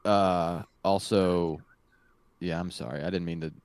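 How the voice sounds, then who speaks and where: A man's voice: low voice, fairly even intonation, a little slow, gravelly, a little mellow, clean tone, no echo. A man co-hosting a podcast in casual chat, rambling and often apologizing. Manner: rambling, apologetic, loses his thread. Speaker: podcast co-host.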